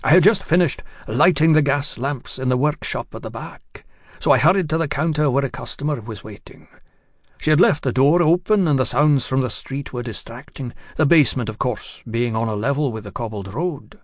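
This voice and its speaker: A man narrates a story in the first person, speaking directly to the listener in a measured, confiding way. His voice is mid-range, and the recording is dry and studio quality.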